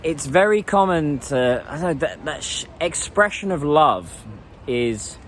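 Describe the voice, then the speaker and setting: A man's voice: a little high, sing-song, unhurried, a little hiss or hum. A man from England, talking casually and thoughtfully to the camera in a vlog. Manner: chatty and reflective, laughs while asking strangers questions in simple Mandarin. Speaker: vlogger.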